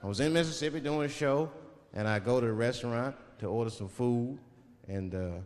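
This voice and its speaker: A man's voice: mid-range voice, fairly quick, a little mellow. A man doing a stand-up comedy set with loose, profane storytelling and act-outs. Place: stage before a live audience. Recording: live club hall with laughing crowd.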